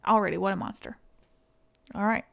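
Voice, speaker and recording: A woman's voice: mid-range voice, steady tone, brisk, gravelly. Woman, Tennessee accent, young adult, casual stream chat, chatty. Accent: Southern US (Tennessee). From East Tennessee, USA. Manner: chatty, thanks viewers, laughs often.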